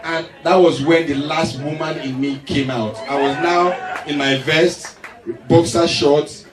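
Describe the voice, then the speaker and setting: A man's voice: a little high, steady tone, measured pace, recorded from a distance, over music. A man doing stand-up comedy, telling a story animatedly and slipping into acted voices, recorded live on stage in an echoey hall. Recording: echoey live hall, mic from afar, crowd.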